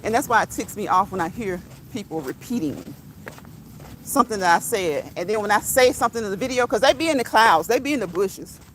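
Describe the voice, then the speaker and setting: A woman's voice: medium pitch, animated, fairly quick, a little hiss or hum. A woman hosting a casual walk-and-talk livestream outdoors on her phone, blunt and repetitive, dropping slang and laughing often. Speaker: channel host.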